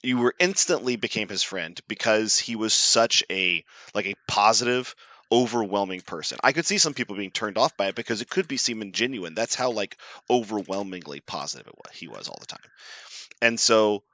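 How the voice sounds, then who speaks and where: A man chatting on a podcast with a bright, forward voice and dry close-mic sound. He tells stories casually and animatedly and laughs along at his own punchlines. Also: lowish voice, lively intonation, fairly quick, no room sound. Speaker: podcast host. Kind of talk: casual storytelling chat.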